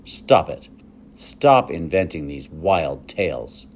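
A man's voice: medium pitch, very animated, normal speed, a little mellow, a little hiss or hum, pitched above the performer's own voice, natural voice. A man reading aloud and voicing a farm mother who is firm and scolding yet loving toward her daughter. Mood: stern.

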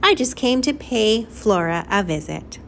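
A woman's voice: mid-range voice, animated, unhurried, gravelly, slight background noise. A woman voicing a sly, sweetly polite older woman on a visit. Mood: knowing.

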